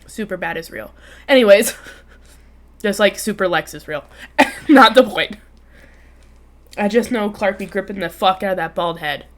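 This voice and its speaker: Young woman host, chatty and animated, swears a lot, laughs a lot, everyday mid voice. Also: mid-range voice, measured pace, long pauses. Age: 20s. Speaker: podcast host. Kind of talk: casual storytelling chat. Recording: remote call, co-host audio cutting out.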